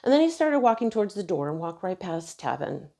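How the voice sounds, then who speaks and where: Low gravelly woman telling her story. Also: sing-song, fairly quick. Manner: earnest, emotional retelling, quoting others softly. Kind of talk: personal storytelling.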